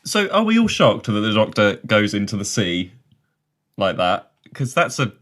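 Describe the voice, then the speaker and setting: A man's voice: on the low side, big pitch swings, normal speed, fairly bright tone. Guy hosting a podcast, chatty, voice bounces around a lot. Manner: chatty, laughs often. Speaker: podcast host. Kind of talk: casual chat.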